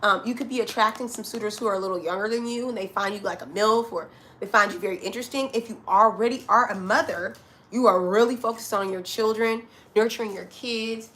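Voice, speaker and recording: Woman, tarot reader at home, chatty and direct, mid-pitched voice, faint room hum. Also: steady tone, brisk, fairly bright tone. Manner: chatty, direct, calls listeners honey and child. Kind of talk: casual collective tarot reading.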